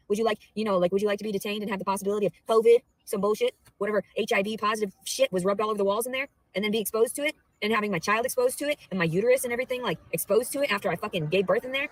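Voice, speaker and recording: A young adult woman vlogging a profane, rambling rant, swearing constantly and swinging between low murmurs and loud outbursts. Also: very fast, few pauses, no echo, low-quality recording.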